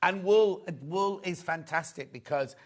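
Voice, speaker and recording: A chatty, enthusiastic man with a Yorkshire accent, his voice sitting a little higher than most men's. He co-hosts a live shopping show and keeps up easy, agreeable banter about the fabrics on the table. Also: a little slow. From northern England.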